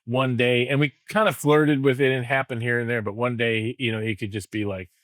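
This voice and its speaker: A middle-aged man in a mid-pitched voice rambles through memories of his writing days. He often slips into acted-out lines to make a point. The sound is close and dry. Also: little pitch movement, brisk, fairly bright tone, no echo. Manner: loose, rambling, acts out remembered lines. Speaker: former wrestling writer, co-host. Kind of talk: casual podcast chat.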